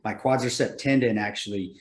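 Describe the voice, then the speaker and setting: A male guest telling a story in a casual interview, animated and laughing, slipping into other people's voices. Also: lowish voice, a little fast, echoey room.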